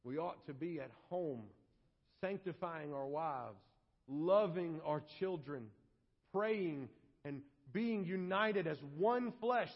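A male pastor preaching a sermon, animated and acting out quoted voices. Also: sits high, big-room sound. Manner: animated, acts out quoted voices and shouts for effect. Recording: dull lo-fi sermon audio.

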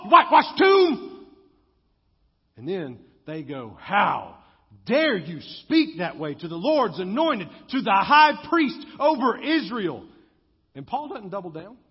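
A man's voice: high-pitched, slightly rough. A male pastor preaching a sermon, his intensity rising and falling as he acts out the scripture quotes. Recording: dull audio with long hall reverb.

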